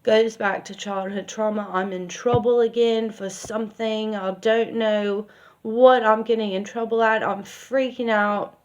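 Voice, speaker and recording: A woman's voice: a little high, steady tone, unhurried, a little mellow, highs cut off. A woman telling a personal story in a casual, rambling way with lots of fillers. She speaks candidly and swears now and then.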